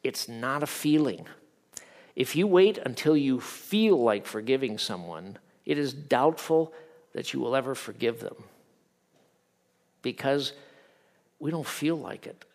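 Middle-aged male pastor, mid-range voice, lively sermon delivery with big swings in volume and pitch. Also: measured pace, pauses often. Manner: animated, swings from loud acted quotes to hushed earnest tones.

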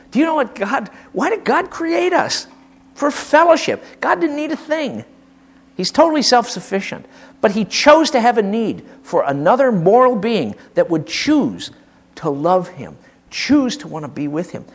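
Impassioned older preacher, high voice. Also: male voice, very animated, moderate pace. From American Midwest. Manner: impassioned, emphatic, swinging from hushed to loud. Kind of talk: sermon.

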